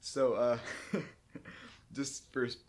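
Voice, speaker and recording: A man's voice: mid-range voice, fairly even intonation, slow pace. Male host asking short questions. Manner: brief questions and reactions. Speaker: podcast host. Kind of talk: casual interview.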